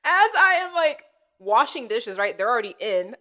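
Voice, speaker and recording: A woman's voice: on the high side, sing-song, normal speed, bright, forceful tone. A woman co-hosting a podcast, chatting casually and acting out quoted lines as she tells a story. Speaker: podcast co-host.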